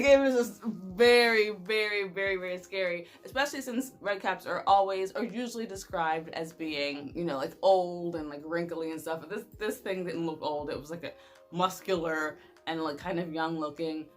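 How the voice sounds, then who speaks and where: Telling a personal story, this young female vlogger speaks in a low-pitched voice. Her manner is casual and lively, with frequent laughter and many filler words.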